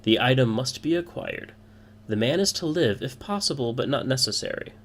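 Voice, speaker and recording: A man's voice: medium pitch, animated, normal speed, a bit bright, pitched above the performer's own voice. A man voicing a pompous, boisterous male thieves' guild boss in a tabletop game, speaking in a formal, grand manner. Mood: stern.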